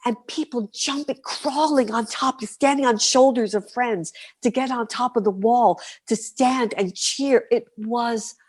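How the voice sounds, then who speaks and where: A middle-aged woman from New City, a guest performer telling her stories in an interview, lively and vivid, sometimes dropping to a whisper. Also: fairly high pitch, measured pace, hardly any pauses, breathy edge. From New York City. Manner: animated, vivid storyteller, breaks into soft whispers. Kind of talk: storytelling interview.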